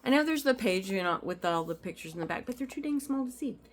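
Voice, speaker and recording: Speaking quickly in a fairly high voice with lively intonation, a woman chats at home in her apartment about her cross-stitch finds. The show-and-tell is casual and wandering, peppered with asides and ums.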